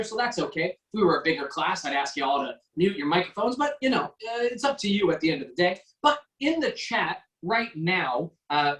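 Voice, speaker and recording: A man's voice: high-pitched, a bit bright, roomy sound, distant mic, poor audio. A man from Quebec hosting a casual online cocktail class over a video call, joking and chatty with lots of fillers. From Quebec, Canada. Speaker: online mixology class host.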